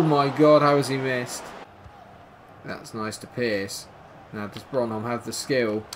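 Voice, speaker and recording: A man casually commentating his own football video game, muttering through menus and yelping high when chances come. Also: slow, slight background noise. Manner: swings from quiet mumbling to excited high-pitched yelps at goals. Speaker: gaming commentator.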